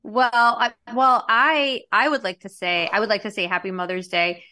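A woman's voice: medium pitch, fairly even intonation, normal speed, pushed and bright. A woman co-hosting a podcast in enthusiastic, earnest casual chat. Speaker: podcast co-host.

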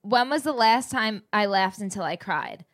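A woman's voice: mid-range voice, expressive, moderate pace. A young woman co-hosting a casual podcast, telling stories with lots of swearing and giggles. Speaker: podcast co-host. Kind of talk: casual chat.

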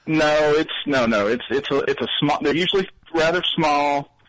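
Southern man caller, dry close sound, deadpan quips. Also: on the high side, dry recording, low-quality recording. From Alabama. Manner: dry, quick wisecracks. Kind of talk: casual chat.

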